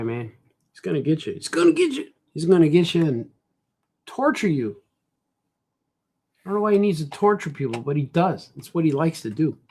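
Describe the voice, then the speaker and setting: A man's voice: fairly high pitch, darkish tone, slight background noise. A man, a cartoonist, chatting casually while he draws, rambling playfully and joking to himself. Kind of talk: casual chat while drawing.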